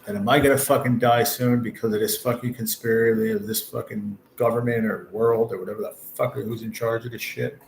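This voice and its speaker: A man nearing fifty talks to his livestream chat from a hospital room, rambling and blunt and cursing often. His voice is gravelly, sits at an ordinary pitch, and has a faint hum of room noise underneath it. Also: steady tone, a little fast, few pauses, rough recording. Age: 40s. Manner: blunt, heavy swearing, rambling. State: ill with stage four cancer. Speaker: livestream host.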